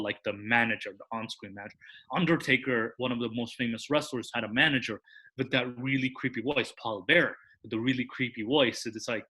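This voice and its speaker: Bright-voiced man rambling through explanations. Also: mid-range voice. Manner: rambling, restarts, tags sentences with "that is". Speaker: podcast guest. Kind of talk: explanatory casual chat.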